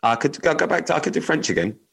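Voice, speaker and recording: A man's voice: on the high side, very animated, fast, vocal fry, a bit bright, husky, low-quality recording. A man co-hosting a podcast, chatting casually and reading odd news items aloud in a blunt, joking, sweary way. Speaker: podcast co-host.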